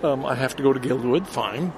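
A man's voice: mid-range voice, brisk, vocal fry. An older man from Canada rambling to his listeners in a casual outdoor audio vlog, stopping and restarting his thoughts as he goes. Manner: rambling, self-interrupting, talks to listeners. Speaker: vlogger and podcaster. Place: outdoors in a city, at a station and on a bench. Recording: city street and vehicle noise.

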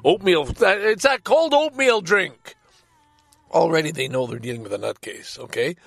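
Older man, exasperated profane rambling, lively swooping pitch, dry close sound. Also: normal speed, vocal fry, no echo. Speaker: podcast host. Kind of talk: rambling personal anecdote. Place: parked car.

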